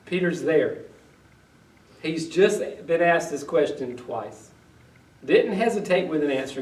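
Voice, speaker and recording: Echoey pastor preaching from afar. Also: male voice, fairly high pitch, darkish tone. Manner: reads old-style scripture then retells it in everyday talk, questions the congregation. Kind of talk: conversational sermon with scripture reading. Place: church sanctuary. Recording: echoey room, voice from a distance.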